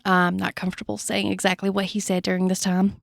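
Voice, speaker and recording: A woman's voice: medium pitch, monotone, brisk, creaky, dry recording. A woman hosting a true crime podcast, reading a transcript aloud with blunt personal asides, in a dry recording. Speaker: podcast host.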